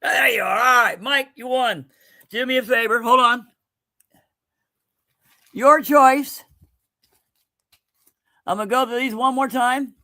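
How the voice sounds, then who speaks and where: A man hosts a live giveaway stream in an unhurried drawl. His voice is bright and forward, and he keeps laughing and joking as he calls viewers by name. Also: very high voice. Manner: laughs often, jokey and loose, talks to viewers by name. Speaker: livestream host running a giveaway. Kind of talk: casual livestream chat.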